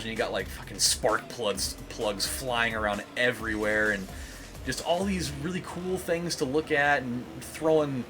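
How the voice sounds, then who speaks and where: Rambling, profane young man. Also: mid-range voice. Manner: rambling, profane, with lots of fillers. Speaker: let's play host. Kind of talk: casual gameplay commentary.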